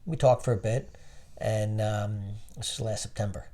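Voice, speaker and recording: Low, mellow-voiced man telling stories. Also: steady tone, normal speed. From New Jersey, USA. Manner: storytelling, quizzes the interviewer with questions. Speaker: interview guest. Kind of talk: casual conversational interview.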